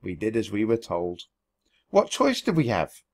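Expressive man reading a storybook. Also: fairly low pitch, unhurried, vocal fry. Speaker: storybook reader. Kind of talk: storybook narration for learners.

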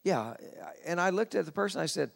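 A man preaching a sermon at a convention, slowing down for scripture and rising in pitch to stress his points. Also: lively intonation, gravelly. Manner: slows down to read scripture, rises in pitch for emphasis. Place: convention hall.

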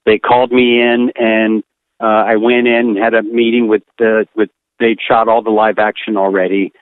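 A man's voice: on the low side, moderate pace, dry recording. Blunt older man on a tinny line. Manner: blunt, animated, acts out quotes. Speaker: animator guest. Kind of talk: candid anecdotal storytelling.

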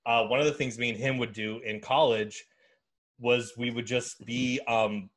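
A man in a mid-range voice hosts a podcast, talking easily and telling stories about friends. His delivery is relaxed and friendly, with the pauses and restarts of casual chat. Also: mid-range voice. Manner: friendly, easygoing storytelling. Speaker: podcast host.

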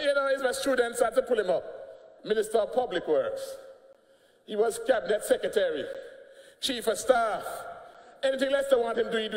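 An older man with an Antiguan accent giving a combative, mocking speech in parliament. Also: very high voice. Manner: combative, mocking, laughing jabs. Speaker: politician speaking in parliament. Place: parliament chamber. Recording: echoey chamber, long reverb.

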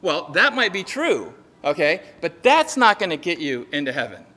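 Lively, animated preacher in a reverberant hall. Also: male voice, on the high side, moderate pace. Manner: lively, jokey preaching with acted-out dialogue. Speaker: pastor. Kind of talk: sermon. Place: church sanctuary.

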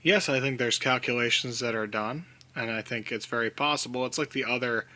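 Bright-voiced male podcast host. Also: mid-range voice, a little fast. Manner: animated, breaks into mock-dramatic quoted voices. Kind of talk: casual chat.

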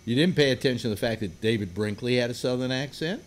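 A man's voice: mid-range voice, quick pace. An older man hosting a casual group chat, rambling with many fillers and restarts. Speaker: radio host.

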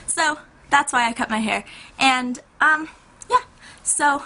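Young woman vlogger, bright and hyper, rambling chat, slightly high voice. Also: takes it slowly. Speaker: YouTuber. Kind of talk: casual vlog chat.

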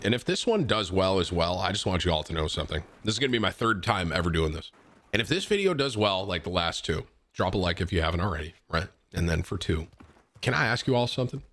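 Lively bright-voiced male streamer. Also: deep voice. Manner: excitable, talks while eating. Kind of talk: casual gameplay commentary.

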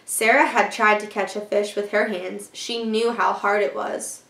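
A woman reading a children's chapter book aloud as a teacher, with gentle storytelling. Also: mid-range voice, steady tone, a little slow, vocal fry, reverberant. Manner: gentle storytelling, voicing characters lightly.

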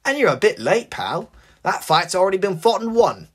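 Narrator doing a brash, shouting woman engine driver. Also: medium pitch, sing-song, normal speed, husky, voice pushed up. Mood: scornful. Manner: shouting, bossy, blunt. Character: tough, brash female train driver.

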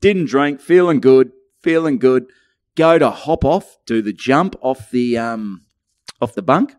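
A young man with an Australian accent spins a rambling, crude travel story for a podcast, acting out every quote along the way. His voice sits at a medium pitch, and the recording is close and dry with no room sound. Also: expressive, a little slow, darkish tone, no echo. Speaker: podcast co-host. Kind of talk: casual storytelling chat. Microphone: studio mic.

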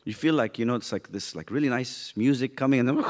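A man teaching a youth Bible study, animated and joking as he acts out people's reactions. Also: mid-range voice, moderate pace.

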